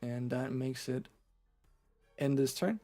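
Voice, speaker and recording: A man's voice: medium pitch, slow pace, soft background music. Man running a tabletop game, explaining rules. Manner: relaxed, explains rules step by step. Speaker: game master. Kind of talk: narrating and ruling a tabletop game.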